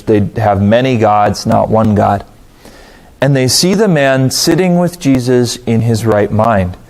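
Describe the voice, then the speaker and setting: A man leading a casual Bible study, talking conversationally, putting on quick voices for reactions and asking his listeners rhetorical questions. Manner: conversational, animated, voices quoted reactions with pitch jumps; asks the audience rhetorical questions.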